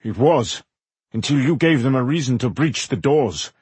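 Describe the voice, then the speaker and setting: A man's voice: mid-range voice, lively intonation, takes it slowly, slightly rough, dry recording. A man voicing a blunt, grave ancient male dwarf revenant in a storybook reading.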